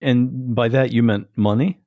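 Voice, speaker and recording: Mellow-voiced male podcast host. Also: medium pitch, unhurried, no echo. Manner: brief, calm follow-up questions. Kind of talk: interviewer asking follow-up questions.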